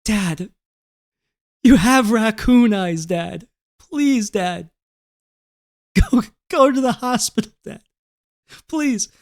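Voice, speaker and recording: A man's voice: high-pitched, lively intonation, slow, long pauses, pitched above the performer's own voice, exaggerated voice. A man voicing his upset sister in a story, pleading over and over. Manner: pleading, repeating herself. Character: tearful pleading young adult sister.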